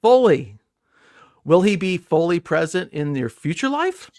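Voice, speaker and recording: Man guest, high lively voice, probing questions, dry close sound. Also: a little slow, no echo. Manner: poses probing questions to the host. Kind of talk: casual theological discussion.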